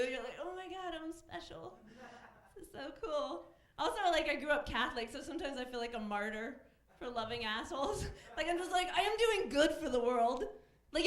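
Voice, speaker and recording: A woman's voice: high-pitched, sharp tone. A woman in her thirties doing a chatty stand-up set on a comedy club stage, laughing between her lines. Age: 30s.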